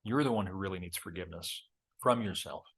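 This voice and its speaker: A man's voice: sits low, a little fast, slightly rough. A middle-aged man hosting a reflective talk, telling a story in a candid, self-deprecating way. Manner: candid, self-deprecating, animated when reenacting. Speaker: host.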